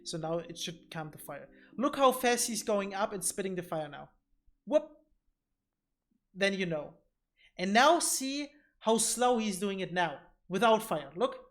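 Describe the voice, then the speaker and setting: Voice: mid-range voice, big pitch swings, measured pace. A streamer giving casual gameplay commentary on a desk mic, thinking aloud and often repeating words while explaining boss fights.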